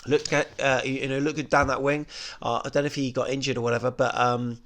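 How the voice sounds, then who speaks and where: A man talking through a football match and scoring each player, in a relaxed, off-the-cuff review. His voice sits at an ordinary middle pitch, and his talk is loose, full of fillers, and often stops to correct itself. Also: quick pace. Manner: rambling, many ums and you-knows, self-correcting. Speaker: football fan channel host.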